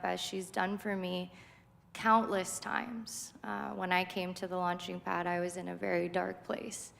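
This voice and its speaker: A woman speaking as a friend at a memorial service, heartfelt and measured, with frequent pauses. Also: lowish voice, gravelly, a bit bright. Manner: heartfelt, measured, pausing often. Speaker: friend giving a eulogy. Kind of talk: memorial tribute speech. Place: spiritual center sanctuary. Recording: echoey hall reverb.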